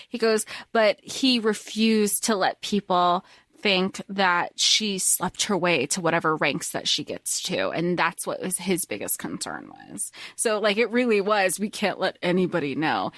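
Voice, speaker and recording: Chatty woman co-host with a bright voice. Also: lowish voice, big pitch swings, normal speed, dry recording, studio quality. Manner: chatty, lots of fillers, laughs often. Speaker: podcast co-host. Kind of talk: casual book discussion.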